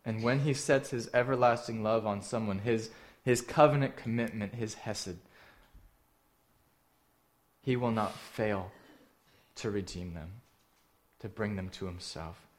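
A man preaching a sermon, earnest and direct, asking the listeners questions and swinging between emphatic lines and hushed ones. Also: lowish voice, unhurried, pauses often. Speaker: pastor.

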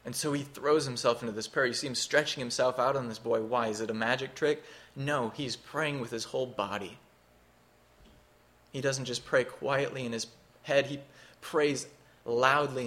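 A man's voice: mid-range voice, steady tone, normal speed, a bit bright. A man preaching a sermon, teaching through a scripture passage in an earnest, expository way, rising for emphasis.

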